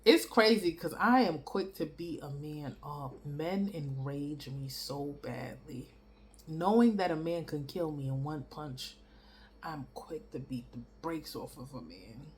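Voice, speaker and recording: A woman vlogger telling a story to camera in a blunt, profane, animated way, chewing and laughing between lines. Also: sits low, unhurried. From New York City.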